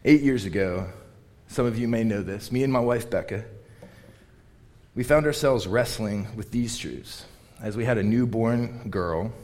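A man preaching a sermon in an earnest, emphatic way, repeating phrases for weight, and turning quiet and tender when he tells a personal story. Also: medium pitch. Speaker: pastor.

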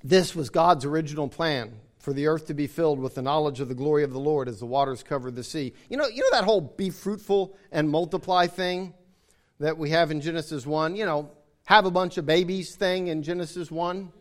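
A man with a high voice preaches a sermon with emphasis. He repeats key phrases to drive his points home and calls out to his listeners for agreement. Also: fairly quick.

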